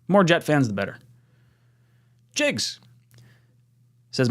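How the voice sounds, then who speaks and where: A young man reads viewer comments aloud on a casual live stream, speaking a little slowly with long pauses. Easily excited, he laughs readily and his voice often bursts higher when he's worked up.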